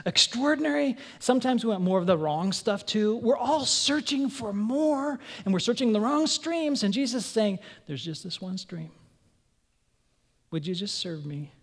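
A woman pastor preaching a conversational sermon, animated, asking her congregation questions and acting out voices. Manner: animated, acts out quoted voices in a higher pitch.

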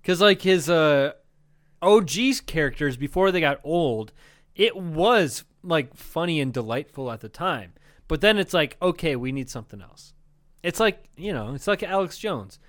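A man's voice: fairly high pitch, lively intonation, unhurried. Laughing, profane male podcast co-host. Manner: profane, giggly, laughs often and puts on silly voices. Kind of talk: casual comedy podcast chat.

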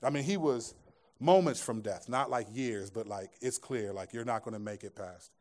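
A pastor with a medium-pitched, darkish voice preaches at normal speed to a live church audience. He keeps the sermon conversational, mixing in jokes and asides alongside the scripture.

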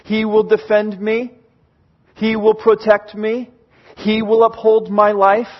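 A man giving a sermon, retelling a scripture story in a lively, animated way and briefly acting out its characters. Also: high voice, highs cut off. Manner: animated, acts out characters in quick bursts. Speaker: pastor.

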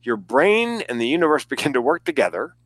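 A man in relaxed conversation, spinning a lively anecdote and slipping into the voices of the people he quotes. His voice sits in a middle pitch, and the recording is close and dry, with no room sound. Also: a little fast, no echo. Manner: animated storyteller, acts out quoted voices, swears. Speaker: guest comedian. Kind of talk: casual storytelling.

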